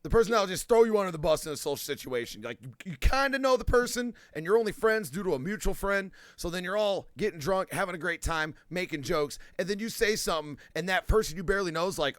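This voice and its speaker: A young man with a clear, smooth voice and a fairly high pitch, telling chatty stories on a podcast. His intonation swings widely, and the sound is dry and close. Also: fast talker, few pauses, dry recording. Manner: lively, chatty anecdote-teller. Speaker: podcast host. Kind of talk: casual chat.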